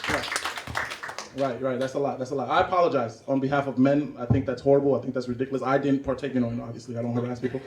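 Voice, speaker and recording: A man from Cameroon doing stand-up comedy, animated and acting out scenes. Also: mid-range voice, quick pace, a faint crowd, slight background noise. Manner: animated, acts out scenes and voices. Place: comedy club stage. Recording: roomy club, far from mic, audience laughing.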